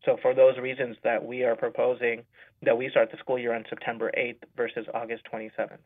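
A man's voice: medium pitch, flat delivery, fairly quick. Methodical man on a tinny phone line. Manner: methodical, lays out numbered reasons. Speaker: school superintendent. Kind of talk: radio interview by phone.

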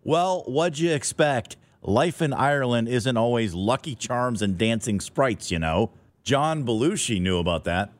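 A man's voice: mid-range voice, animated, moderate pace, no room sound. A middle-aged man telling a scripted, wry, playful story as a podcast host.

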